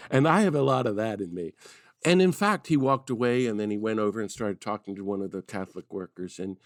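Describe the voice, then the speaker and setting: A man, a priest and activist, telling stories on a podcast as a guest, lively and laughing as he goes. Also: fairly low pitch, brisk, no echo, studio quality. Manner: lively storyteller who laughs and acts out quotes. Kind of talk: conversational storytelling.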